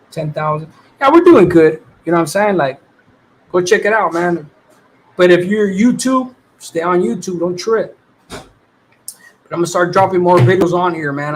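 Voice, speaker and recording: Slangy, high-voiced man on a livestream. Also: normal speed. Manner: laid-back slangy talk, swearing, greeting viewers. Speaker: livestream host. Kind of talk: casual livestream chat.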